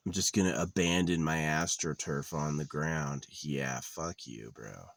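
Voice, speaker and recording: Very low-voiced man ranting profanely. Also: measured pace, creaky, no room sound. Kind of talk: rambling monologue vlog. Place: outdoors in a wooded area.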